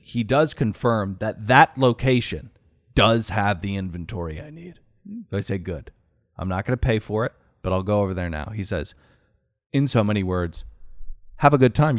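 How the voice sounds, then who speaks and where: A man's voice: on the low side, no echo, studio quality. A man co-hosting a podcast, telling a story in a casual, exasperated way and swearing freely. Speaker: podcast co-host.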